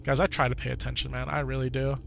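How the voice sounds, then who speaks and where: This chatty, easygoing game streamer from Wisconsin, United States, has a Wisconsin accent and often repeats his own phrases while commentating live gameplay and reading chat. His medium-pitched voice is gravelly and fairly bright, with little pitch movement, and he talks fast. The sound is lo-fi, with soft background music.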